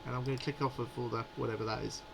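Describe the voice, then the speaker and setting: A man's voice: mid-range voice, fairly even intonation, very fast, vocal fry, slight background noise, rough recording. A man in his forties hosting a live stream, chatting in a rambling, amused way. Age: 40s. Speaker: livestream host. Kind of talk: casual live chat.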